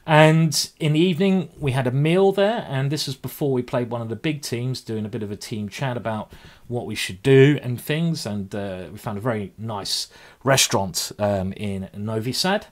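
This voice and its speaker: A man's voice: mid-range voice, moderate pace. A man, a chess grandmaster hosting his own video, chatting in a rambling, self-deprecating way.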